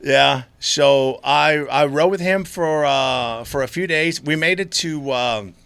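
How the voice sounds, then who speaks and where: A man from Florida, a podcast guest telling animated stories in casual chat and acting out the voices of people he met. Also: fairly high pitch, slow, vocal fry, clean tone, no echo. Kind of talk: casual storytelling.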